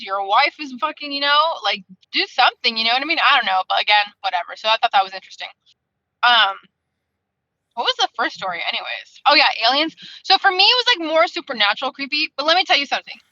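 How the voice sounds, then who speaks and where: A woman's voice: high voice, expressive, fast, pushed and bright, no room sound, dull audio. A woman in a casual book club chat on a video call, venting in a heated, profane, rambling way.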